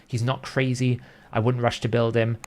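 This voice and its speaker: A man's voice: medium pitch, little pitch movement, moderate pace. A man talking casually as a gaming video host, conversational and thinking aloud with frequent self-corrections. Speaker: gaming YouTuber. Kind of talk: casual game commentary.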